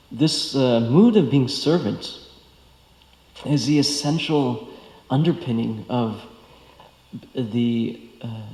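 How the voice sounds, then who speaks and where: A man gives a devotional scripture lecture in a slow, unhurried voice with a gravelly edge, pausing often on fillers and restarting his sentences. His voice rings with a long reverb in a large temple hall. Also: medium pitch, warm tone. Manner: halting, with many fillers and restarts. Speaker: speaker giving a class.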